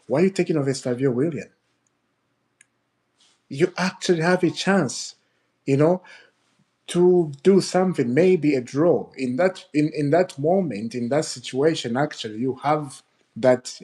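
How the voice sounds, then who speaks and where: Fuming, animated man ranting about football. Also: mid-range voice. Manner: animated, laughing, repeats himself. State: upset, fuming. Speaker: football fan channel host. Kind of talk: ranting video commentary.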